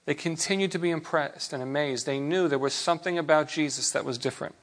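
A man preaching a sermon in a relaxed, conversational way, with rhetorical questions and frequent restarts. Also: fairly high pitch, fast talker. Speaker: pastor.

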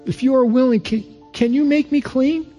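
A man's voice: extremely high pitch, normal speed, warm tone, soft background music, pitched above the performer's own voice. A man voicing a pleading outcast with leprosy, imploring in a raised voice.

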